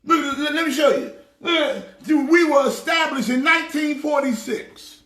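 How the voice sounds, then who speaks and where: A man playing a loud, excitable pastor ranting about sports teams. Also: very high-pitched, normal speed, roomy sound. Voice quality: preachy, shouting rant. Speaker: comedic sports pastor character. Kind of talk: comedic sports rant.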